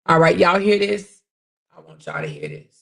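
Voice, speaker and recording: A woman hosting a casual commentary channel, chatting sassily to her viewers and often pausing to find clips. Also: on the low side, huge pitch swings, gravelly, a bit bright.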